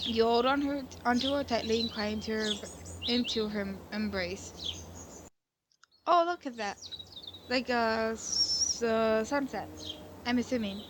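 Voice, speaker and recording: A woman's voice: on the high side, measured pace, pauses often, background noise. Rambling, giggly woman gamer. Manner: rambling, giggly, emotional reactions. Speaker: gaming video creator. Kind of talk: reading a visual novel aloud and commenting.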